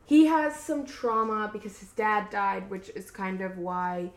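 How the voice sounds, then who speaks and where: Woman, podcast co-host, casual rambling recap, middle-pitched voice, roomy echo. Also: steady tone, measured pace. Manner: chatty, rambling, heavy use of "like". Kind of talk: casual chat recapping a book.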